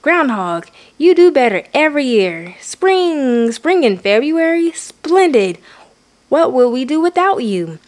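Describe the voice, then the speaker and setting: A woman voicing a big, jolly male bear in a storybook read-aloud, loud and delighted. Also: high-pitched, big pitch swings, slow pace, pitched above the performer's own voice, heavily acted.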